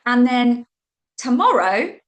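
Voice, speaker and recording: A woman's voice: a little high, big pitch swings, slow, fairly bright tone. A Welsh woman leading a live online business training, talking informally with lots of "like" and "okay" and the odd mild curse. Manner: chatty and informal, with frequent "like" and "okay"; mild swearing when flustered. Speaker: business coach.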